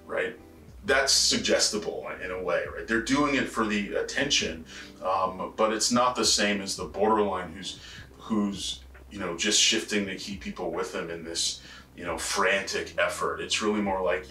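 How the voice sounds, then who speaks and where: A man with a low voice and a bright, forceful edge gives a lecture in a loose, chatty manner, tossing in "right?" and filler sounds as he goes. He sits back from the microphone, so the room rings around him with a faint hiss underneath. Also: steady tone, moderate pace. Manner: conversational, frequent "right?" and "uh" fillers. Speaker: college instructor. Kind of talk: recorded lecture. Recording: roomy, distant mic with faint noise.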